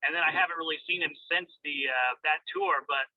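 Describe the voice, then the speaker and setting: A man's voice: fairly high pitch, fairly quick, dry recording. A man in casual podcast chat, enthusiastic, with lots of fillers and restarts. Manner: enthusiastic, full of fillers, imitates announcers. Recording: distant tinny phone-like line.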